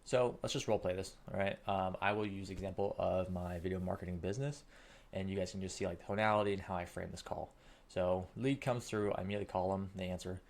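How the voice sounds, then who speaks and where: A man teaching sales techniques in an emphatic coaching style, often checking in with a quick "okay?". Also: sits low, fairly even intonation, darkish tone. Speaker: sales trainer. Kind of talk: coaching lesson.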